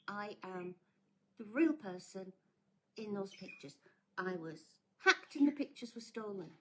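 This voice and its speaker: A woman's voice: medium pitch, expressive, a little slow, lightly acted. A woman imitating a male romance scammer who sweet-talks and calls his target honey, over a noisy recording with birds chirping behind. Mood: sweet-talking. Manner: syrupy, wheedling, calls everyone honey.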